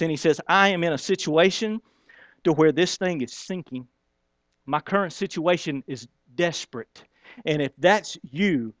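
A man's voice: high voice, fairly bright tone, dry recording. A man preaching a sermon, talking to the congregation in a conversational way and acting out the lines he quotes. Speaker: pastor.

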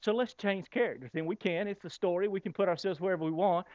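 A man preaching a sermon as pastor, asking rhetorical questions and pausing for effect. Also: high-pitched, no room sound, highs cut off.

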